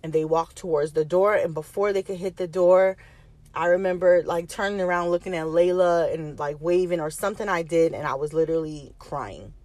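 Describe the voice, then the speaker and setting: A woman's voice: on the low side, a little fast, darkish tone, no room sound. Candid, rambling woman telling a story. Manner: rambling, repetitive, casual swearing. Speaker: mother telling a personal story.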